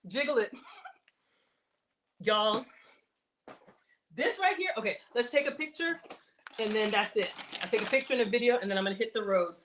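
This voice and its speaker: A woman's voice: fairly high pitch, moderate pace, pauses often, a bit bright, a little hiss or hum. Chatty woman hosting a live cooking stream. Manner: chatty, reads chat aloud, laughs often. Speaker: livestream cooking host.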